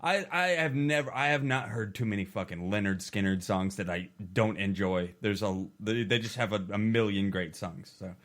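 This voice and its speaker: A man's voice: on the low side, normal speed, few pauses, a bit bright. Young midwest guy on a podcast, rambles, swears a lot, restarts sentences. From Oklahoma or Kansas. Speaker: podcast co-host. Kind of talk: casual chat.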